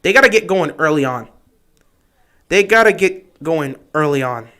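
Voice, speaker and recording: A young man hosting a livestream, giving excitable play-by-play reactions to football games that swing from shouting to muttering. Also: fairly high pitch, moderate pace, smooth. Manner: excitable, shouts at big plays then mutters. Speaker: livestream host. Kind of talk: live football watch-along commentary.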